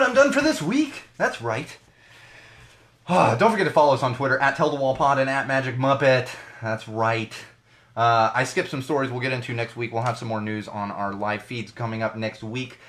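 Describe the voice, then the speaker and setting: At medium pitch and normal speed, with a fairly bright tone, a podcast host sits in his small home studio ranting solo on a live stream. He's profane and heated about the news, repeating phrases for emphasis.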